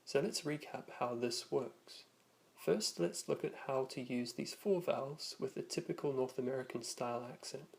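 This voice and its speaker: Reading from a script, a male teacher with a mid-range, creaky voice works slowly through vowel sounds as demonstrations.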